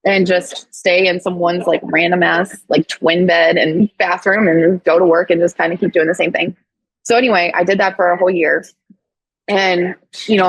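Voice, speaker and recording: A woman in her thirties, a doctor sharing her story as a podcast guest, with a husky, slightly breathy voice. She talks candidly and animatedly, jumping into the voices of people she quotes. The sound is dry and close. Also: fairly low pitch, no room sound, low-quality recording. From St. Louis, USA. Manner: animated, acts out quoted dialogue with swearing and laughs.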